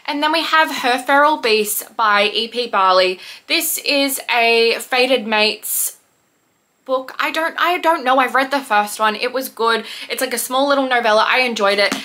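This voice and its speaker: Young woman, bright voice, fairly high, chatty, rambling, self-deprecating vlog talk. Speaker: book vlogger. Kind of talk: casual chat to camera.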